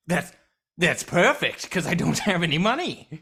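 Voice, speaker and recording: A tabletop game player talking eagerly and playfully, blunt with questions. The voice is bright and swings widely in pitch. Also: sing-song, measured pace, breathy edge.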